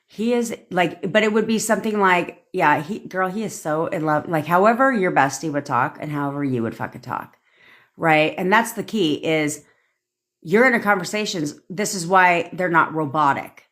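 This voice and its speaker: Speaking at normal speed, this woman has a lowish, slightly bright voice with lively intonation. She's a manifestation coach on a phone livestream, chatty and frequently profane, replying to viewers by name.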